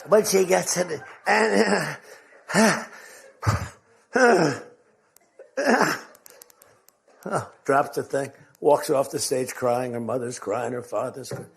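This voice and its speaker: Speaking slowly with frequent pauses, this older American man addresses a crowd in a rambling, repetitive way, performing quotes within his stories. His voice is on the high side, creaky and slightly rough.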